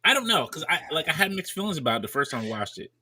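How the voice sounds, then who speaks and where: A man's voice: a little high, big pitch swings, very fast, sharp tone, slightly rough, dry recording. A man hosting a casual podcast chat, reading off viewer names in a running list. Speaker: podcast host. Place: at home in bed, wearing headphones.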